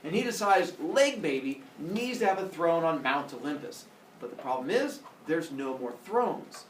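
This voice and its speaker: A man's voice: fairly high pitch, very animated, moderate pace, slight background noise. A male teacher retelling a myth to his class in a playful, jokey way. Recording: echoey classroom from far off.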